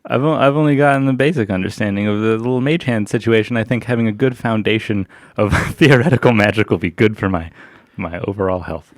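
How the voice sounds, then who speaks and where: A man's voice: on the low side, fairly quick, dry recording. A man playing a tabletop game, chatty, swearing and laughing often. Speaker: player. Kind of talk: tabletop role-play. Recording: dry podcast mic with music.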